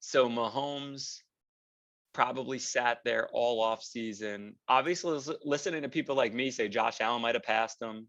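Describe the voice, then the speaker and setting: An opinionated man talks sports on his podcast in a bright, forceful voice. He argues his points with emphatic punch. The audio is dry and a little lo-fi. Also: mid-range voice, moderate pace, no room sound. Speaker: podcast host. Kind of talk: casual sports talk.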